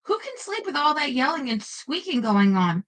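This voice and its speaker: A woman's voice: high-pitched, very animated, normal speed, pitched above the performer's own voice, rough recording. A woman voicing a wry male demon companion who talks in a dry, sarcastic drawl.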